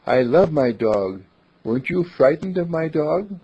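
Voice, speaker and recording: A man voicing a gentle fairy lady who is proud of her dog, in a sermon story. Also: on the high side, expressive, measured pace, husky, pitched above the performer's own voice, exaggerated voice. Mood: proud, fond. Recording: dull lo-fi recording.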